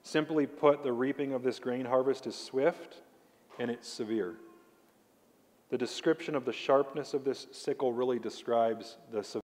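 A man delivers a sermon as pastor in an everyday mid-range voice. He is emphatic, slows down to lean on key words and questions his listeners directly. His voice carries a long reverb from a large church hall. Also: mid-range voice, a little mellow. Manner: emphatic preaching, slowing down to stress key words; addresses the congregation directly with questions.

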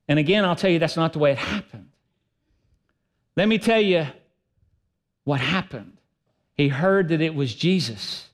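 A man preaching a sermon as pastor, emphatic and swinging between loud and soft delivery. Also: high-pitched, animated, normal speed, pauses often.

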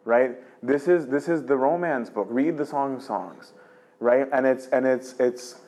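A man's voice: mid-range voice, measured pace, dark tone. A man giving an informal religious lecture, talking casually and with animation, full of fillers and "right?" tags. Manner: acts out quoted voices of God and the soul. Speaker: lecturer on spiritual life.

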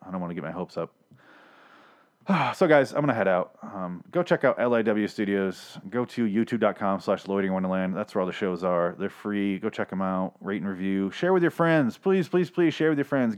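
A man hosting a podcast, recapping a TV episode in a casual, rambling way, swearing often and laughing at himself. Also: lowish voice. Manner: animated, swears a lot, laughs at himself, mimics characters. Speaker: podcast host recapping a TV show.

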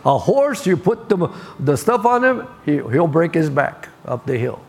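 Gravelly older man preaching. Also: a little high, sing-song, measured pace, slight background noise. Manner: storytelling, repeats key lines for emphasis. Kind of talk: sermon.

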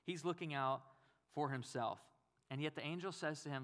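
A man's voice: fairly high pitch, normal speed, a bit bright. A male pastor giving a conversational sermon, acting out quotes and asking the audience questions.

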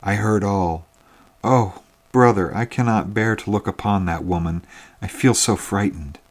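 A man reading the part of a frightened little girl in a hushed, near-whispered way. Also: fairly low pitch, unhurried.

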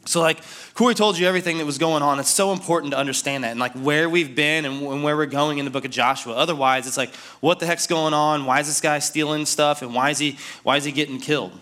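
A man's voice: fairly high pitch, steady tone, fast talker, bright, forceful tone. A male pastor preaching a sermon in a casual, conversational way, with frequent fillers.

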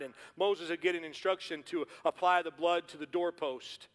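A man preaching a sermon as pastor in a church, building to forceful repeated refrains. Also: a little high. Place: church sanctuary. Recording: hall reverb.

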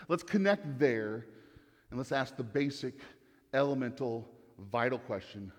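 A man's voice: mid-range voice, expressive, measured pace, in a large hall. A man preaching a sermon, earnest and repeating phrases for emphasis. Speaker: pastor.

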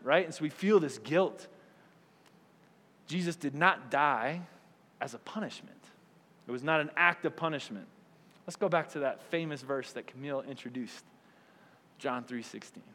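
A man's voice: on the high side, fairly bright tone. A man preaching a conversational sermon, often asking "right?" and acting out quoted voices. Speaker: pastor. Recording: long hall reverb.

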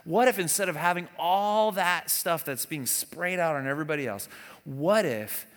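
A man preaching a conversational sermon as a pastor, animated and often asking the audience questions. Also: a little high, normal speed. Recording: long hall reverb.

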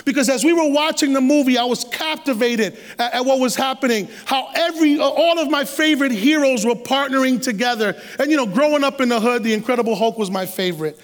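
A middle-aged man preaching a sermon as a guest preacher, animated and streetwise, acting out quotes with humor. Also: very high voice, fairly quick, hardly any pauses, big-room sound. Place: church sanctuary.

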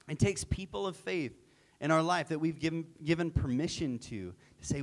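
Earnest preaching man, higher voice. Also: lively intonation, moderate pace. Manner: earnest, emphatic, with repeated phrases. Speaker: pastor. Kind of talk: sermon.

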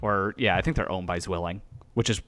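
A man's voice: deep voice, fairly quick, a little hiss or hum. A man co-hosting a podcast in casual chat, full of "like" and restarts, on a call. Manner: animated, filler-heavy, knife enthusiast talk. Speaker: podcast co-host. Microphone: remote call mic.

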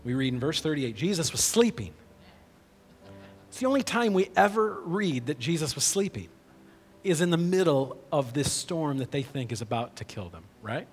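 Heard through long hall reverb and a little hiss or hum, a pastor with a slightly high voice preaches at a moderate pace, animated. His sermon feels like a conversation, peppered with "right?" asides.

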